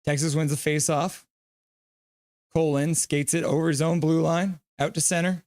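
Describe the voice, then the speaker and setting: An excitable man hosts a live fan stream, calling the game play by play and reading viewer comments aloud. His voice sits high for a man. The sound is dry and close. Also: normal speed, no room sound.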